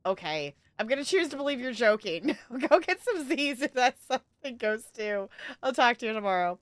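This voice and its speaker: A woman's voice: on the high side, sing-song, moderate pace, dry recording. A woman voicing a worried young woman friend on the phone, reading the game's dialogue aloud in an anxious tone. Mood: uneasy. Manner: anxious, nervous laughter.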